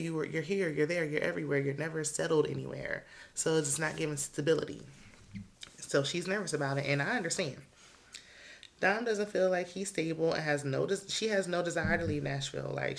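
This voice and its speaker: A woman's voice: sits low, vocal fry. A woman in her thirties giving a chatty, blunt and candid recap of a reality TV show. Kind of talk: casual opinionated recap.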